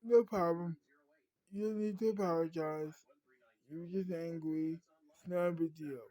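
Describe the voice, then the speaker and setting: A man voicing a calm, fatherly lawyer who speaks reassuringly. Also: fairly high pitch, moderate pace, no room sound, natural voice, low-quality recording. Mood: soothing.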